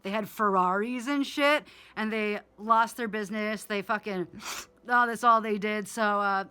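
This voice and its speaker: A woman's voice: mid-range voice, steady tone, measured pace, bright, forceful tone, clean tone. A woman in her forties telling a rambling story in a casual, profane way, with many fillers.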